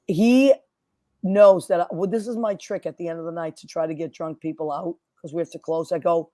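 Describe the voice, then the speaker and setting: A woman's voice: lowish voice, a little fast, no room sound. Chatty New woman host, dry sound. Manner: animated storyteller, acts out quotes. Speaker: podcast host. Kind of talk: casual chat. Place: New York.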